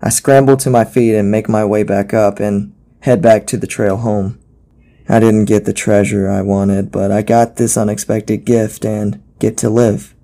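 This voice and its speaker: Gravelly low-voiced male horror narrator. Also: mellow. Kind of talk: first-person horror story narration. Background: music.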